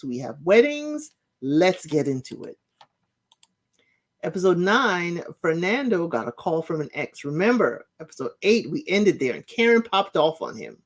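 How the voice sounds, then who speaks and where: Lively, chatty woman recapping a show. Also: lowish voice. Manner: chatty, retells scenes in quick paraphrase. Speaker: reality show recap host. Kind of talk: casual show recap commentary.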